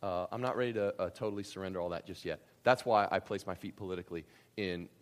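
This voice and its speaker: A man's voice: deep voice, fast. Joking man preaching in church. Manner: casual, joking, sarcastic asides. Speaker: pastor. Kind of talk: live church Q and A and sermon. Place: church sanctuary.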